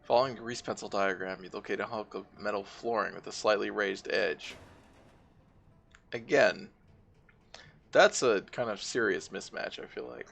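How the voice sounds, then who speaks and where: A man streaming a video game, reading vivid narration aloud and dropping wry casual asides. His voice is low and strongly gravelly. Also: fairly bright tone.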